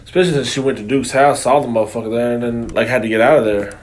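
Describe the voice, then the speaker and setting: A man's voice: medium pitch, fairly even intonation, racing, a little hiss or hum. Rambling, cursing man recapping a film. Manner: rambling, profane, lots of filler "like". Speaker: movie review co-host. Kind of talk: casual chat.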